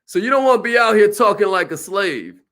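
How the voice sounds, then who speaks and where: A man giving an animated motivational sales seminar, calling out to the audience. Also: high voice, brisk. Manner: animated, preacherly, calls out to the audience. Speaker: sales trainer.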